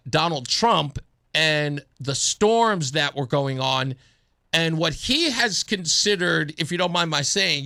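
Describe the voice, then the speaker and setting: Guy hosting talk radio, bright voice, bounces all over in pitch, chatty storyteller. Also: gravelly. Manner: animated storyteller, acts out a phone call in a low mumbling voice. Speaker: radio talk show host. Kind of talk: casual radio chat.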